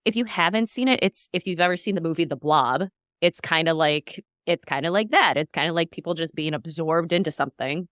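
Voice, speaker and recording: A woman's voice: deep voice, brisk, fairly bright tone, no room sound, studio quality. A woman co-hosting a paranormal TV recap podcast, talking casually and going through her notes at length. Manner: rambling, recounts notes at length. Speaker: podcast co-host.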